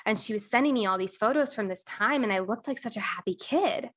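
A young adult woman, a podcast guest and coach, telling a painful personal story candidly, with many pauses and fillers. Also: mid-range voice, a bit bright.

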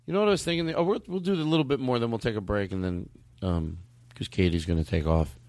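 A man's voice: fairly low pitch, fast, darkish tone, no echo, clean studio sound. A man hosting a casual comedy podcast, rambling through a story and laughing a lot.

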